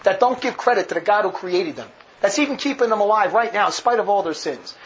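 A man's voice: high voice, lively intonation, quick pace. A man giving emphatic, sarcastic commentary on a speech, laughing at his own jabs. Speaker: religious commentator. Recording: dull lo-fi with faint noise.

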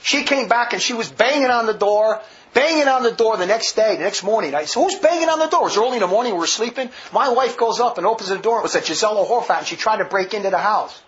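A man's voice: sits high, quick pace, fairly bright tone. A man preaching a sermon full of stories, vehement and rambling, with many restarts, on a dull lo-fi recording.

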